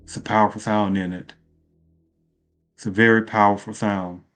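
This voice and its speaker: A man's voice: fairly low pitch, flat delivery, moderate pace, fairly bright tone, faint music behind. A man giving opinionated political commentary in a rambling way, asking rhetorical questions and often correcting himself. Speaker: video commentator.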